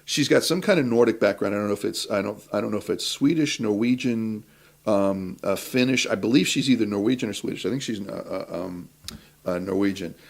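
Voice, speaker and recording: Creaky-voiced man telling a rambling story. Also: fairly low pitch, a little fast. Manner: rambling storyteller, many fillers and restarts. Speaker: talk show co-host, actor. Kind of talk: casual anecdotal chat.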